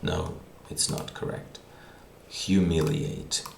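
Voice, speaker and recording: A man's voice: low-pitched, sing-song, extremely slow, vocal fry, slight background noise. A man teaching a language lesson on video, patient and repeating words as he thinks aloud. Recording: roomy echo.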